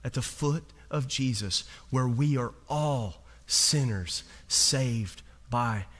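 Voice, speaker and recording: A man pastor preaching a sermon to a congregation, animated, with rhetorical questions and humor. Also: mid-range voice, takes it slowly.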